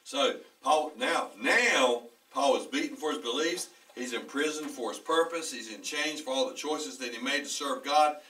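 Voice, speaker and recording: Pastor, bright voice, distant mic. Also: male voice, mid-range voice, moderate pace, hardly any pauses. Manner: animated, laughing storyteller. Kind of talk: storytelling sermon with congregation. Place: church hall. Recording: distant church recording.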